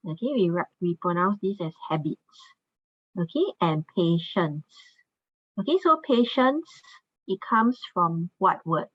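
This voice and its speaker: A woman with a fairly low voice teaches an online English class over a video call, patient and encouraging, often dropping "okay" between phrases. There's no echo, but the call audio is dull and lo-fi.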